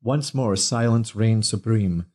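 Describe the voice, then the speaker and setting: Low dark male audiobook narrator. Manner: measured storytelling.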